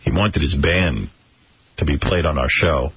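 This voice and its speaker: A man's voice: very deep voice, measured pace, husky. A man hosting a radio show in blunt, teasing casual banter. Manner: teasing, blunt, laughs loudly. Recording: slightly dull radio broadcast sound.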